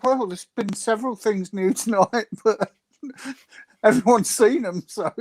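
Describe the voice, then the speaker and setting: A man's voice: high-pitched, slow pace, no room sound. Dry-witted male guest. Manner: dry wisecracking asides. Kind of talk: casual chat.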